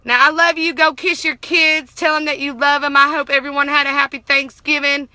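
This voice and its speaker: A woman's voice: high voice, level tone, fairly quick, bright, forceful tone, no echo. A young woman delivering a heated, profane political rant to the camera. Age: young adult. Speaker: vlogger.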